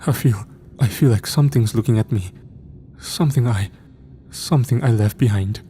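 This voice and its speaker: A man's voice: medium pitch, moderate pace, mellow, a little hiss or hum, lightly acted. A man voicing a terrified young male soldier who stammers and whispers in a trembling voice as he breaks down. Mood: panicked.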